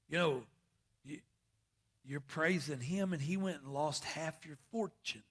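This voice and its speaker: A man's voice: medium pitch, a little slow, pauses often. A man preaching a sermon in a plainspoken, folksy storytelling manner. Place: church service.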